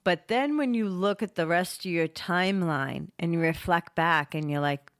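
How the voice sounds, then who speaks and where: A woman's voice: lowish voice, normal speed, smooth, no echo, studio quality. A woman interviewer asking reflective, encouraging questions. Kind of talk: casual interview.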